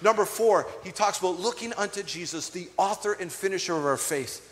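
A man's voice: high voice, fairly quick, fairly bright tone. A man preaching a sermon as pastor, emphatic and calling out to his congregation. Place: church hall. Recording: echoey hall with music behind.

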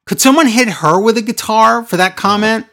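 A man's voice: high voice, moderate pace, bright, forceful tone. A man co-hosting a casual podcast chat, ranting with sarcastic exasperation. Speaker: podcast co-host recapping wrestling.

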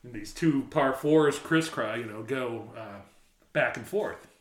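In a casual chat, a man tells a story in a mid-range, unhurried voice, laughing often and acting out the shouted quotes with real animation. The recording has a roomy echo.

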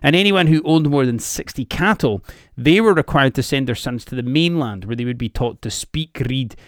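A man's voice: mid-range voice, animated, moderate pace, no echo, studio quality. Sardonic sweary Scottish man. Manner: sweary, sarcastic asides. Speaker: comedic history presenter. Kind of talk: sardonic history narration.

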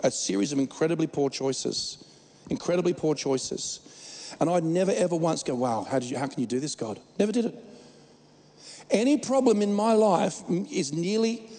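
A man preaches from the pulpit with a high, gravelly voice. He is emphatic and jokey and restarts his words often. His voice carries a long reverb from a church hall. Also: warm tone. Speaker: pastor. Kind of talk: sermon.

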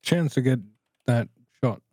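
A man's voice: mid-range voice, unhurried, darkish tone, dry recording. A man on a live stream, giving brief, hesitant replies. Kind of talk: casual chat.

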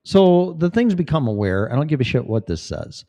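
A man's voice: a little high, sing-song, normal speed, warm tone. A man giving profane, rambling, blunt commentary as a vlogger. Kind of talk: casual commentary.

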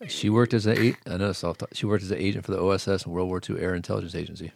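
A man with a low, gravelly voice co-hosts a casual podcast. He answers in short, joking bursts, recorded dry. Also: steady tone, a little mellow, no echo. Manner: short quick replies, joking. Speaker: podcast co-host. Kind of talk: casual chat.

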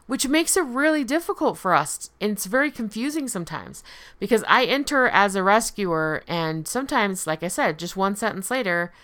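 A woman teaches in a relaxed, conversational way, often pausing on "um" and checking in with "right?". Her voice is bright, with a smooth, clear tone. The delivery stays informal throughout. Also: medium pitch. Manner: conversational explaining, frequent "right?" and "um". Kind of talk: casual spoken lesson.

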